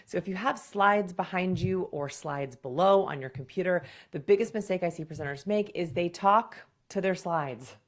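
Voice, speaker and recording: A woman communication coach giving direct, punchy presentation advice in a scripted video. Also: fairly low pitch. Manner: direct, punchy advice with quick acted examples.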